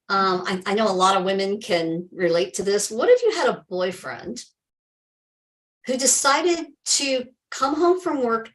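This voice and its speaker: A woman with a mid-range voice, heard on a rough recording, speaks directly to her live-stream viewers as a health coach and calls them by name. She's emphatic and chatty, full of exclamations, and weaves remarks of faith into her advice.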